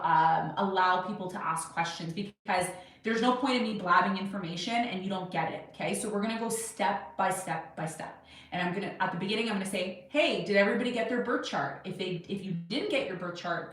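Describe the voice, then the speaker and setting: Speaking at normal speed in a mid-range, slightly bright voice, a woman in her thirties chats with viewers on her astrology livestream from a desk at home, answering questions in a confident, meandering way. Her heritage is Jamaican, Irish and Serbian. The audio, from a webcam or desk camera, is very echoey and distant.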